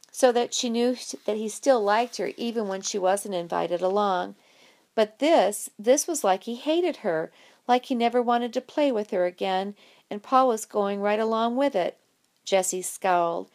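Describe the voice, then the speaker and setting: A woman narrating an audiobook in a lively, expressive storytelling way. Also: mid-range voice, measured pace.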